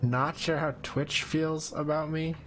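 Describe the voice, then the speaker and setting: Excitable swearing man streaming a game. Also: fairly high pitch, measured pace, faint music behind. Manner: excitable, swears a lot, yells when frustrated. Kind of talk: casual gameplay commentary.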